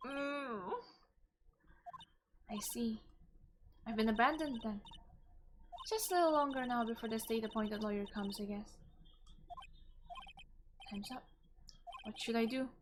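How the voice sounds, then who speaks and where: A woman streamer reading game dialogue aloud, expressive and animated, with casual asides. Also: a little high, measured pace, pauses often, slight background noise.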